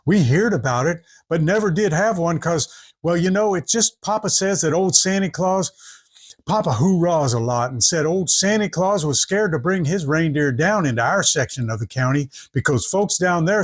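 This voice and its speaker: A man, telling a folksy story in rural dialect and acting out each character's voice. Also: a little high.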